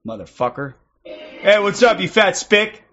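A young man streaming in online game voice chat, taunting other players in a loud, abrasive way that often breaks into shouting. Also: sits high, big pitch swings, unhurried, muffled recording, faint music behind. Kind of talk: aggressive trolling over game voice chat.

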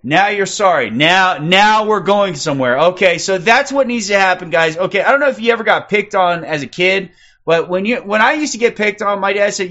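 Forties male streamer, high-ish voice, abrasive and profane, muffled lo-fi audio. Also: lively intonation, a little fast, pushed and bright. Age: 40s. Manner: profane, aggressive, repeats "okay?" constantly. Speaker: livestream host. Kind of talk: ranting livestream commentary.

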